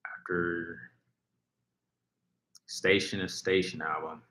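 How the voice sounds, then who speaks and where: A lowish male voice with a bright, forward edge, talking loosely to his live audience. He wanders through thoughts, leaning on fillers and restarting sentences. The sound bounces around a roomy space. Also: little pitch movement, slow. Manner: rambling, filler-heavy, frequent restarts. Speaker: livestream host reacting to music. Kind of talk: casual livestream chat, reading viewer comments. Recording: roomy echo.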